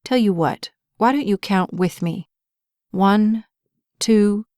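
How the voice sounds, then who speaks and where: A woman reading a male firefighter who talks gently and patiently to reassure a scared child, in an audiobook. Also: medium pitch, takes it slowly, dry recording, studio quality, lightly acted. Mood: soothing. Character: calm, soothing male firefighter.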